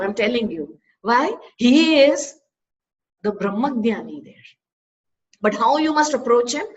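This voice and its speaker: Indian woman teacher, light higher voice. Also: lo-fi sound. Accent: Indian English. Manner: conversational, rhetorical tag questions. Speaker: spiritual teacher. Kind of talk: Vedanta scripture talk.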